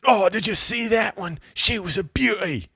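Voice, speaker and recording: A man putting on an excitable Australian male wildlife adventurer with a brash Australian accent. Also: high-pitched, normal speed, creaky, breathy edge, dry recording, clean studio sound, voice pushed up, exaggerated voice. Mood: thrilled. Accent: Australian, put on. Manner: brash, thrilled shouting.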